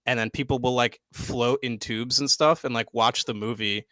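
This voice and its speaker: A young man co-hosting a podcast, chatting loosely and excitedly, swearing freely and filling with "like" and "dude". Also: mid-range voice, normal speed, no echo. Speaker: podcast co-host. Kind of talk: casual chat. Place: home studio, live stream.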